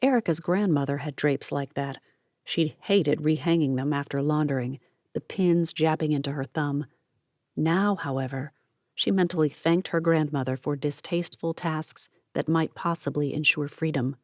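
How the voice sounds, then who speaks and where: A woman narrating an audiobook in a steady, measured reading voice. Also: deep voice, dry recording, studio quality. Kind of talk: scripted narration.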